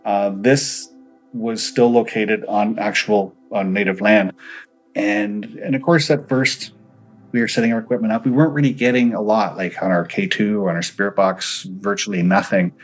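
A man's voice: lowish voice, fairly even intonation, moderate pace, faint music behind, low-quality recording. A man, a paranormal investigator, earnestly recounting his investigations in an interview and acting out the dialogue he quotes.

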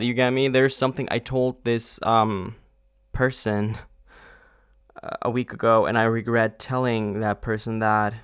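A man speaks in a loose, confessional vlog ramble, cursing freely and checking in with "you get me?" as he talks. His voice sits in an ordinary middle pitch and is recorded close and dry, with no room sound around it. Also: measured pace, fairly bright tone, smooth, dry recording. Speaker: vlogger. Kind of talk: casual confessional monologue.

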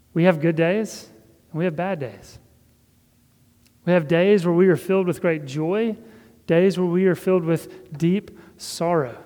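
A man preaching a sermon as pastor, earnest and measured, with a soft laugh now and then. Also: fairly high pitch, big-room sound.

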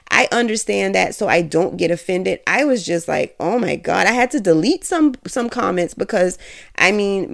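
A woman's voice: fairly low pitch, gravelly. A woman hosting a solo podcast, giving candid, emphatic and rambling opinions. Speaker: podcast host.

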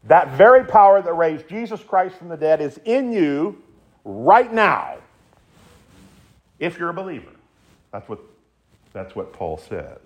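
Male preacher, sermon, emphatic, lively swooping pitch. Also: measured pace, pauses often, lo-fi sound. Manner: animated, emphatic, rises to exclamations.

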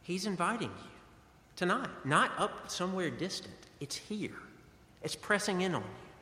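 A male pastor preaching an earnest, conversational sermon, his voice bright and sharp with a slightly raised pitch. He is recorded in a roomy church sanctuary, and a long reverb trails each phrase. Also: sing-song, moderate pace. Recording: echoey hall with long reverb.

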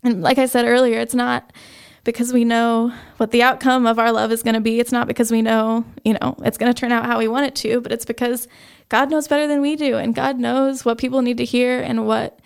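Young adult woman, interview guest; earnest, halting testimony, fairly high and flat, fry under a smooth tone. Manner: earnest, halting, with many fillers. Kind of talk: personal faith testimony.

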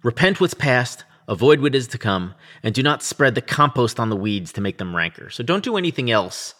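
A man co-hosts a laid-back podcast, walking through a play scene by scene and breaking into lines of verse now and then. His voice sits at an ordinary pitch but moves around a lot. He sounds lively and expressive. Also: fairly quick. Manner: explains scenes and reads verse aloud in between. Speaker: podcast co-host. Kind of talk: casual literary discussion.

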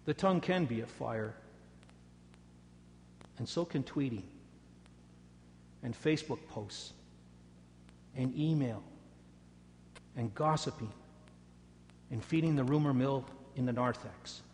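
A male pastor delivering a sermon, his mid-range voice rising for the dramatic parts and falling quiet and low for prayer. The sound carries a long church reverb. A faint hum sits underneath. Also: slow, pauses often. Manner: dramatic storytelling, rising loud for quoted taunts, dropping soft for prayer.

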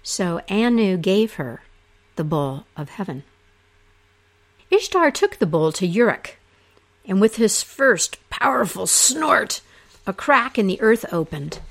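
A woman narrating an ancient myth aloud in a slow, expressive storytelling manner. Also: fairly low pitch.

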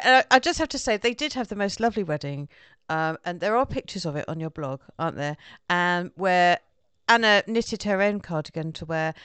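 A woman co-hosting a podcast, chatting casually and filling pauses with ums. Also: fairly low pitch, fairly bright tone, clean tone, dry recording. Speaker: podcast co-host. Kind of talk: casual chat.

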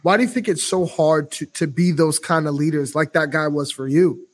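Male podcast host, casual and affirming, a bit higher-pitched. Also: fairly even intonation, normal speed. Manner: warm affirming reactions, says "man" often. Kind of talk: casual interview chat.

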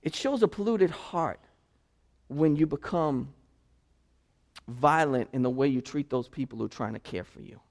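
A male pastor preaching a sermon, telling personal stories and building to loud, passionate preaching. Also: medium pitch, expressive, normal speed, pauses often.

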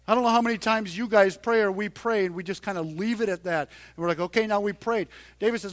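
A male pastor delivers a sermon in church with a strikingly high voice. He talks earnestly and emphatically, pushing louder whenever he drives a point home. It comes across as heartfelt preaching to a gathered congregation. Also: fast talker, few pauses.

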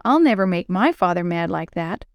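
A woman voicing an excitable young girl in a children's storybook reading. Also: lowish voice, normal speed, no echo, lo-fi sound. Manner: bright and eager.

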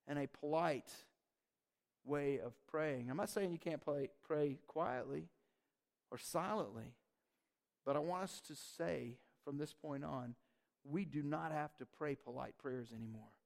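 A man's voice: fairly high pitch, measured pace, creaky, darkish tone. A man preaching a sermon as a pastor, emphatic and conversational.

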